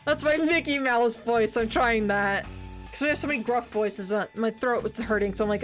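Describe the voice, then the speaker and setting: A woman's voice: a little high, normal speed, soft background music. A woman streamer reading a visual novel aloud and chatting casually, swearing and laughing at herself.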